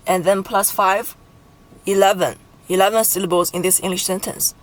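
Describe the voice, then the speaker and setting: A woman from Beijing giving a Mandarin lesson, slowly and deliberately spelling out her examples. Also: mid-range voice, fairly even intonation, low-quality recording. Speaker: Mandarin teacher. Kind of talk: explanatory language lesson.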